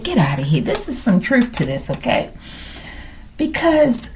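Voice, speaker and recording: Middle-aged woman tarot reader with a high, mellow voice who muses and questions aloud. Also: slight background noise. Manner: musing aloud, asks questions, drops into whispers. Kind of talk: casual tarot reading to viewers.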